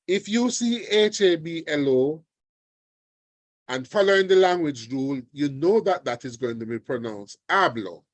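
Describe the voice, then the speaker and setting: A man teaching an online exam revision lesson, deliberate and often checking in with his students. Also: a little high, a little mellow, dry recording. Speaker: language teacher. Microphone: video call.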